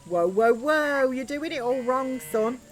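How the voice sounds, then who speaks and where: A woman voicing a gentle, folksy old male rancher in a farming game. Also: sits high, lively intonation, measured pace, voice pushed up.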